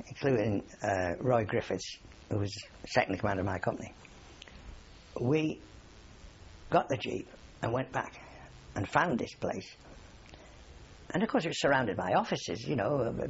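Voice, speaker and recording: A man's voice: mid-range voice, dull audio, a little hiss or hum. An older man, a war veteran, telling rambling anecdotes in an oral history interview and chuckling often.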